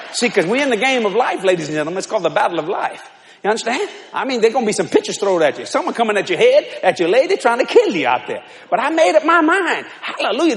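An older man preaching a sermon to a congregation in folksy storytelling style, building up to shouts. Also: extremely high pitch. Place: large church hall with congregation. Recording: reverberant church hall with crowd.

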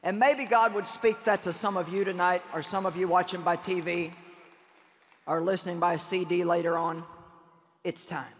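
A woman's voice: on the low side, steady tone, moderate pace. A woman preaching a sermon to a conference crowd, addressing listeners directly and emphatically with laughing asides. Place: large conference hall. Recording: long reverb in a large hall.

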